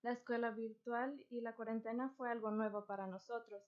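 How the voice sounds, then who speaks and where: A teenage girl at her graduation reading a prepared welcome with steady earnestness. Her voice sits a little high. The recording is dull and lo-fi. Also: fast. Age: teens. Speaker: graduating student speaker. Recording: dull lo-fi sound.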